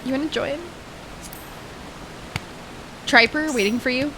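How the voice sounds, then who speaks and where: A woman's voice: high voice, a little slow, long pauses, bright, forceful tone, slight background noise, poor audio. A young woman streaming a game, chatting casually with viewers and ranting bluntly with lots of swearing. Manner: chats with viewers while playing.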